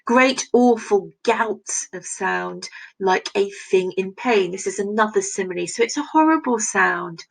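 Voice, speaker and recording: Woman teacher with a gravelly voice. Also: mid-range voice, measured pace, rough recording. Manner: explanatory, reads quoted passages aloud with emphasis. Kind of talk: recorded literature lesson.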